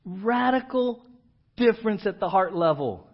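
A male pastor preaching a sermon, moving between loud emphatic repeats and hushed asides. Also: sits high, animated, measured pace. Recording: dull lo-fi church recording.

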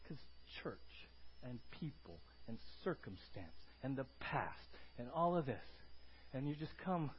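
A man preaching a sermon as pastor, moving from quiet, conversational talk to loud, shouted exclamations. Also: on the high side, very animated, takes it slowly, long pauses, lo-fi sound, a little hiss or hum.

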